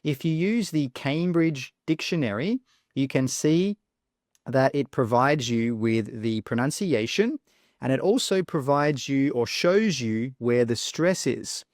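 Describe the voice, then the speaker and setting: A man gives an online English pronunciation lesson at an unhurried, careful pace. He says each example word twice so learners can follow. His voice is mid-pitched and sounds dry and close to the mic. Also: lively intonation, no echo. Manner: slow, deliberate, repeats words for the learner.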